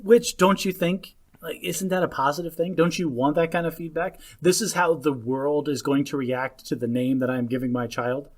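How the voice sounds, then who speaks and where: A man's voice: fairly high pitch, steady tone, moderate pace, hardly any pauses. A man co-hosting a podcast in casual chat, blunt and wry. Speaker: podcast co-host.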